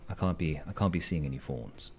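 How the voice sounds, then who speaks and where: A hoarse man chatting casually while streaming a game, playful and rambling, with silly sing-song asides. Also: very deep voice, lively intonation, a little fast, soft background music.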